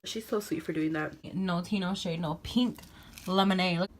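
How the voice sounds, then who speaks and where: A young woman telling a dramatic storytime vlog, animated and full of quoted voices. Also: fairly low pitch, normal speed, slight background noise. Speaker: vlogger.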